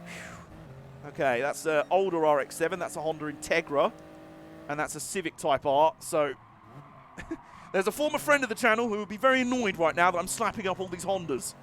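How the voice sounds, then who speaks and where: Brief: man, racing game streamer, high voice, excitable, laughs a lot, crude jokes. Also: normal speed, slight background noise. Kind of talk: live racing gameplay commentary.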